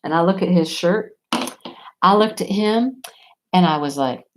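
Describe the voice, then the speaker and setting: A woman vlogger telling stories in a casual chat, animated and often laughing. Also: medium pitch, takes it slowly, pauses often.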